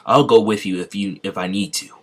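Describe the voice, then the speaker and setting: A man's voice: lowish voice, steady tone, brisk, natural voice. A man voicing a stern, stoic male ninja warlord in a spoken fan story, reading the lines plainly in his own voice.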